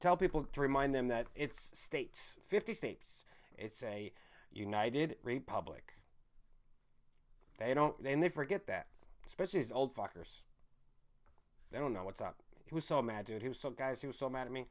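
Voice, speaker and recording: A man's voice: medium pitch, expressive, normal speed, long pauses. A man hosting a rambling online commentary stream, ranting and often restarting his sentences while talking to his audience. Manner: ranting, with frequent restarts and stumbles; addresses the audience as folks and guys.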